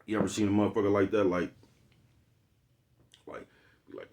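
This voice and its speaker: A relaxed man speaking in a low, deep voice. He talks straight to his viewers in a loose motivational monologue and keeps circling back with "you know what I'm talking about.". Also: fairly quick. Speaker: vlogger.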